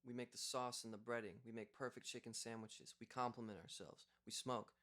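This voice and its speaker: A man's voice: mid-range voice, flat delivery, fairly quick, a bit bright. A young man reading a first-person audiobook in a casual, conversational way. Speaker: audiobook reader.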